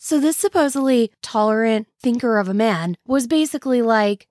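A woman's voice: a little high, animated, moderate pace, hardly any pauses, a little mellow, dry recording, studio quality. A woman hosting a casual history podcast, telling the story with wry, sarcastic asides. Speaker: podcast host.

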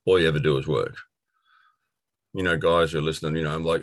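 A man's voice: sits low, fairly even intonation, quick pace, no room sound. A middle-aged Australian man telling his life story earnestly as an interview guest, with many fillers and restarts. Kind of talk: personal testimony in an interview.

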